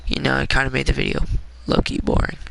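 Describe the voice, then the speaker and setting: A young man with a raspy, smoker-like voice, giving rambling, offhand commentary while streaming a game. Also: medium pitch, monotone, fast, bright, forceful tone, no echo, rough recording. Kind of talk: casual gameplay commentary.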